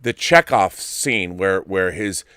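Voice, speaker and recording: A middle-aged man hosting a late-night live-stream chat, ranting and swearing with loud bursts. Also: deep voice, animated, slow, clear, resonant tone, no room sound, clean studio sound. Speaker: host.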